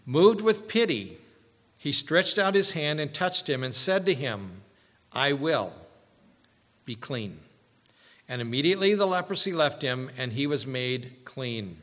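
A man preaching a sermon as a pastor, slow and deliberate, with dramatic pauses and rising emphasis. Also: fairly high pitch, very animated, a bit bright. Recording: long hall reverb.

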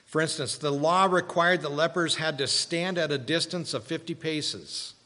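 A man preaching a sermon as a pastor, slow and deliberate, with dramatic pauses and rising emphasis. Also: a little high, sharp tone. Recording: long hall reverb.

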